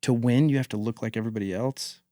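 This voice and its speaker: This North Carolina man, a podcast guest and former marketing executive, offers thoughtful, opinionated takes on marketing in relaxed conversation and says he's a mumbler. He talks fast in a mid-range, dark-toned voice, captured dry at studio quality.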